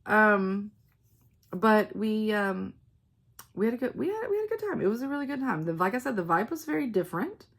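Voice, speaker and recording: Gravelly, chatty woman vlogger. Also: mid-range voice, fairly quick. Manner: rambling, animated quoting of others, frequent ums. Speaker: cross-stitch vlogger. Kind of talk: casual chatty storytelling.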